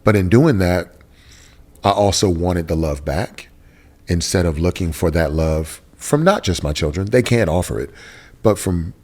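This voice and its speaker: A man's voice: low voice, a little slow, darkish tone. A man from Texas, an interview guest giving a candid, emotional personal testimony with casual slang. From Texas, USA.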